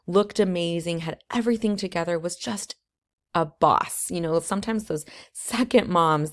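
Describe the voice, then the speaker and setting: A woman with a low voice explains her approach to newborn photography in a lesson. She talks earnestly and conversationally, dropping casual asides as she goes. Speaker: newborn photographer teaching a course. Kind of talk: course lesson.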